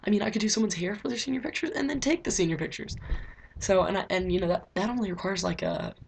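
A woman's voice: mid-range voice, fast, creaky, slight background noise. A teenage girl vlogging from her bedroom, rambling casually with lots of fillers. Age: teens. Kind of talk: casual diary vlog.

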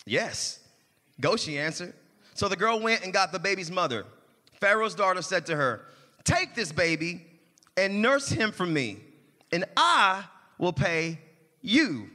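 A man's voice: high-pitched, sing-song, a little slow, pushed and bright. A man preaching a sermon as pastor, calling on the congregation to answer and building in intensity. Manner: preaching with call-and-response and rising intensity. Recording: long church reverb.

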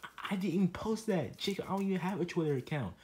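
A shrill, panicky puppet boy, acted by a man, who yells and protests, his voice sitting well above the performer's own. He swears crudely and sounds defensive in a comedy puppet skit. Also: expressive, fast. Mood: indignant.

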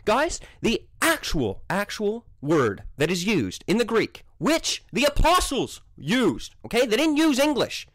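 A combative man with a French accent rants and scolds in a sarcastic monologue. His pitch leaps up and down with animated emphasis. The sound is dry and close, with no room echo. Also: a little slow, few pauses. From French Canada. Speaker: Christian vlogger. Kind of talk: heated monologue.

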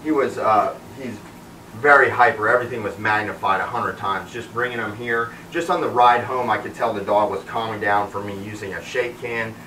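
Man dog trainer, bright and off-mic. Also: on the low side, normal speed, roomy sound, far from the mic, slight background noise, rough recording. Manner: commands the dog mid-sentence, many fillers. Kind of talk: explaining while training a dog.

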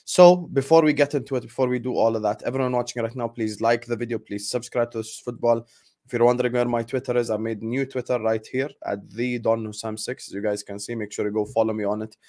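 A young man venting as host of a football fan channel, angry and emphatic, hammering the same lines again and again. His voice sits at an ordinary middle pitch for a man. He swings between loud bursts and quieter, simmering stretches. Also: fairly even intonation, fast talker. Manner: angry, repetitive, emphatic outbursts. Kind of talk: heated fan rant.

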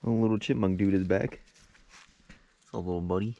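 Casual low-voiced man vlogging. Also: fairly even intonation, normal speed, creaky, mellow, muffled recording. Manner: rambling, self-deprecating, talks to viewers while doing chores and hiking. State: out of breath on the climb. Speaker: van life vlogger. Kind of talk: casual vlog commentary. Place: in and around a van, then on a wooded hiking trail outdoors.

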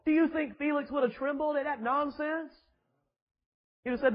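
A man's voice: very high-pitched, steady tone, brisk, highs cut off. A man preaching a fiery sermon to a congregation, emphatic and full of rhetorical questions and mocking asides. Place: church before a congregation.

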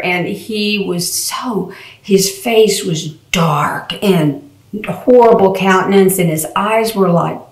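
Mission ministry woman recounting a testimony, earnest and homespun, recorded in a reverberant room. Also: fairly low pitch. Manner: earnest, folksy storytelling with many fillers. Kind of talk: spoken faith testimony. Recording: roomy echo.

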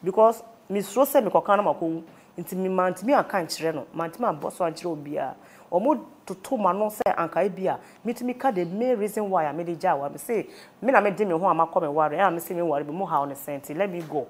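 A woman's voice: fairly low pitch, lively intonation, fast talker, darkish tone. A woman with a Ghanaian accent recounting a painful personal story, mixing Twi and English. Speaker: interviewee. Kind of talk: emotional personal testimony.

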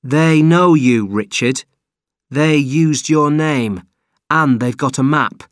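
A man reading an audiobook, voicing an angry young male traveler who talks loud, clipped and accusing. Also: on the high side, slow pace, no echo, clean studio sound, voice pushed up.

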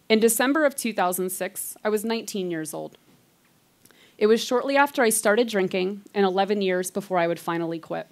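A woman's voice: medium pitch, brisk. A woman in her thirties performs a live personal story, reading old diary entries aloud with candid, self-mocking asides. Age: 30s.

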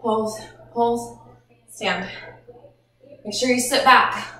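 A woman's voice: a little high, fairly even intonation, very slow, bright, forceful tone, heavy reverb, far from the mic, poor audio. A woman fitness instructor coaching a workout, out of breath and encouraging between exercises.

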